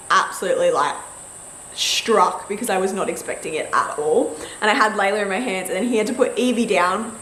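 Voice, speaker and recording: A woman's voice: mid-range voice, fairly bright tone, a little hiss or hum. Chatty young woman in an echoey room. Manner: chatty storytelling, many likes, acts out quotes. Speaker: vlogger. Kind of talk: casual chat to camera.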